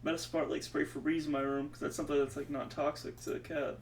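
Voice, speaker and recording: A man's voice: a little high, little pitch movement, fast talker, creaky. A man thinking aloud while coding, muttering to himself, exasperated and swearing casually. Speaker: streamer coding on camera. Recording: distant mic with faint background noise.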